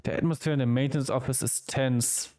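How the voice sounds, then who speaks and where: A man streaming a visual novel, reading the game's dialogue aloud with quick asides of his own. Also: mid-range voice, steady tone, darkish tone.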